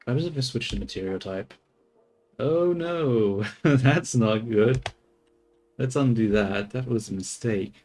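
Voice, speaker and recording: Thinking out loud as he streams his 3D modeling, a young man chats casually, leaving sentences unfinished and correcting himself. His voice is fairly low and a little mellow, at a moderate pace.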